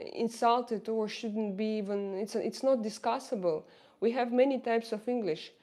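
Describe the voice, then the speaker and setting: A woman's voice: on the high side, darkish tone. A woman from Russia speaking English with a Russian accent, hosting a casual livestream at home, hesitant and full of fillers as she greets viewers. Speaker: livestream host.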